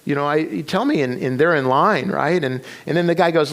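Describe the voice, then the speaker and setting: A man's voice: a little high, a little fast, hardly any pauses, a bit bright. A man preaching a sermon, retelling a story with many restarts and quoted voices. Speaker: pastor. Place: church sanctuary.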